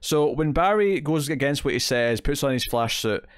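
Chatting about TV episodes as a podcast co-host, this man has an expressive mid-range voice and speaks at a normal speed. He rambles with fillers and quoted asides. The tone is clean, and the recording is dry with clean studio sound.

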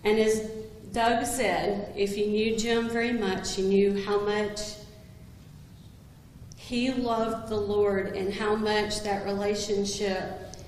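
A woman's voice: medium pitch, little pitch movement, slow, darkish tone, a little hiss or hum. A woman giving a eulogy for a longtime coworker, telling humorous stories about him. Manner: humorous, anecdotal storytelling. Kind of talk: eulogy speech. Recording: very echoey hall with long reverb.

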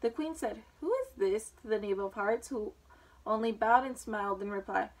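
A woman reading a children's storybook aloud in an informal way, pausing to mention the pictures. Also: mid-range voice, low-quality recording. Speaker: reader.

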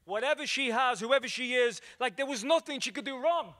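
A man's voice: very high voice, a little fast, sharp tone. A man, an evangelist preaching a storytelling sermon to a room, animatedly acting out the dialogue in his stories. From Liverpool, England. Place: church meeting room with audience.

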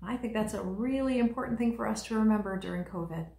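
A woman leading a children's liturgy, teaching young kids in a gentle, encouraging way and speaking right to them. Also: medium pitch, quick pace, creaky, echoey room.

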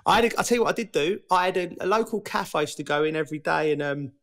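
Co-host: man, fairly high voice, chatty storyteller who laughs easily. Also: very fast, fairly bright tone. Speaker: podcast co-host. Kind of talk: casual podcast chat.

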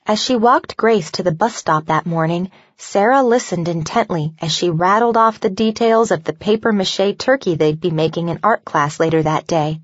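A woman narrating a novel aloud in an even, measured storytelling voice. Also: lowish voice, no echo, muffled recording. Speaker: audiobook narrator.

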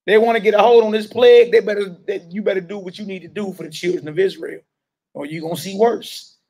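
Speaking fast in a high, darkish voice with fairly even intonation, a man gives a street-style sermon to a gathered room. He urges his listeners directly and emphatically, questioning them in call and response.

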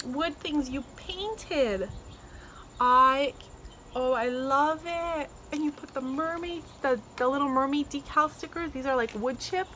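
A Canadian crafting vlogger in her thirties unboxes craft gifts outdoors in the sun for a casual happy-mail video, gushing with delight and offering many thank-yous. Her voice is high with a sharp tone, against noisy outdoor ambience full of insects.

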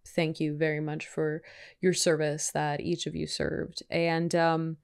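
Excitable woman reacting to a film. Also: low voice, measured pace, gravelly, clean tone. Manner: excitable, exclaiming, chatty. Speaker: movie reaction YouTuber. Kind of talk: casual reaction commentary.

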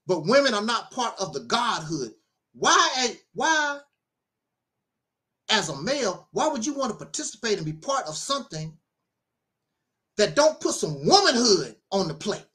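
A man's voice: sits high, sharp tone. A man preaching in a livestream monologue, talking emphatically, laughing often and repeating himself. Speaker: self-styled minister.

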